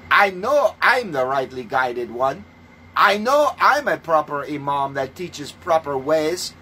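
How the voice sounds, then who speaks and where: A man preaching in a ranting monologue, scornful and full of swearing, moving between calm teaching and loud outbursts. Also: on the high side, unhurried, slightly rough, rough recording. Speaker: self-styled religious preacher.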